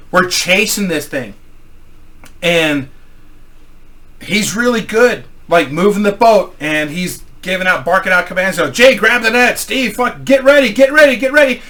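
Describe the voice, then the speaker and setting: A man's voice: on the high side, a bit bright. A man from Missouri telling a rambling, profanity-filled anecdote in a casual style. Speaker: storyteller.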